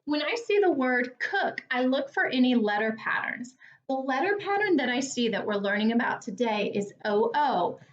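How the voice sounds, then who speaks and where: A woman teacher leading a phonics lesson for young children, speaking slowly and clearly with an encouraging tone. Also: high voice, very animated, dull audio. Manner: slow, clear, encouraging, over-articulated.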